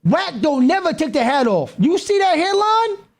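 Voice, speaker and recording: Stream reactor, male, high and lively delivery, repetitive, excitable commentary. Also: normal speed. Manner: animated, repeats himself, calls out to people.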